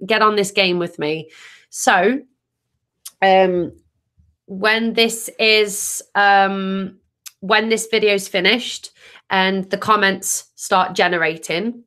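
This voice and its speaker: Woman hosting a relaxed live stream as a tarot reader: upbeat and chatty, reads comments aloud. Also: medium pitch, slow pace. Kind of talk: casual live stream chat.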